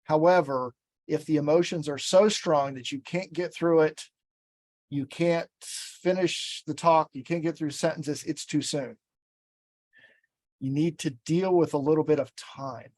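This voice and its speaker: A man who coaches speakers, heard as a guest on a podcast interview. His voice sits a little higher than most men's, and he talks in a measured, instructive way. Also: steady tone, darkish tone.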